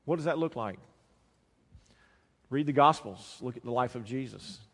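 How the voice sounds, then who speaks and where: A man preaching a sermon, swinging between quiet, low passages and loud, emphatic lines. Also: lively intonation, moderate pace. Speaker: pastor. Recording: long hall reverb.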